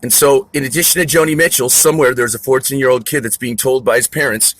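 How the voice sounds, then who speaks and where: Casting: man, husky edge, bright and forceful, angry profane rambling vlog rant, outdoors. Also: medium pitch, fairly even intonation, fast. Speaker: vlogger. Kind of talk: ranting monologue to camera. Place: outdoors near a store.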